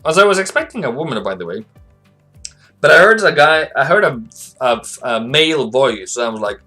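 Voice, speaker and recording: A man in the middle of an ordinary pitch range, talking loosely and a bit aimlessly as he hosts a live trading stream. He reads chat messages aloud and drifts between analysis and small talk. Faint music plays underneath. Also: very animated, a little fast, pushed and bright. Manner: rambling and chatty, reads viewer chat aloud. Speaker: livestream host, forex trading analyst. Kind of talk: casual live-stream commentary.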